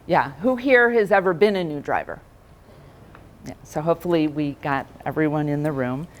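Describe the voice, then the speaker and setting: A middle-aged woman speaks to a live audience in a relaxed, conversational way, telling stories and asking questions along the way. Her voice sits a little low for a woman, and her delivery stays easy and direct. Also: moderate pace. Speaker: speaker for financial advisors. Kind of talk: keynote talk with stories. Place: conference room with audience.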